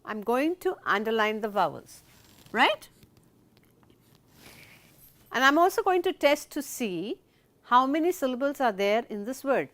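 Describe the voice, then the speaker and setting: A woman teacher leads a recorded lesson in a raised, bright-toned voice that rises and falls a great deal. She explains step by step, asks her viewers questions, and then answers them herself. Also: on the high side, very animated, a little slow, pauses often.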